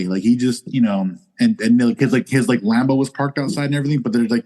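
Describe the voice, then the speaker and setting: A man's voice: medium pitch, fast talker, few pauses, warm tone. A man guesting on a podcast, telling stories in a laid-back casual way. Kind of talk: casual chat.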